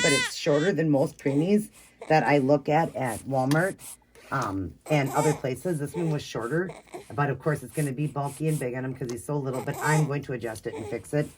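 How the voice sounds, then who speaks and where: With a baby crying loudly in the background, a woman talks her way through looking after a baby doll in a casual vlog. She speaks soothingly and a little fast in a low voice, often repeating herself, over a noisy background.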